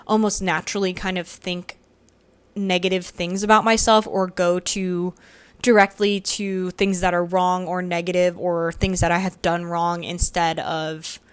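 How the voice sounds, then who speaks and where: A woman's voice: on the low side, flat delivery, measured pace, clear, resonant tone, dry recording. A young woman hosting her own podcast, talking through her thoughts in a chatty, reflective way with frequent fillers, recorded at home. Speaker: podcast host. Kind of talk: casual solo podcast reflection. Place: home room where she records.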